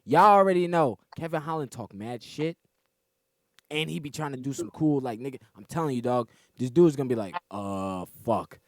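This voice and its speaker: A man's voice: medium pitch, fairly quick, no room sound, studio quality. A man co-hosting a casual sports betting chat, joking and full of slang. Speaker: comedian co-host.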